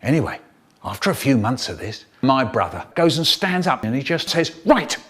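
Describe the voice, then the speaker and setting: A man telling a comic story, dramatic and expressive. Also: moderate pace, breathy edge. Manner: expressive, dramatic swoops in pitch.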